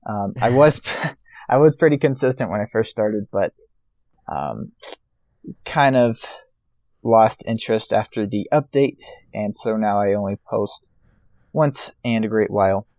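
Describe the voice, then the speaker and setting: A low-voiced man talks as a guest in a casual podcast interview, stopping often for uh and um. His voice comes through dull, lo-fi audio that sounds dry and close. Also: expressive, a little mellow, no echo. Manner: hesitant, with many uh and um pauses.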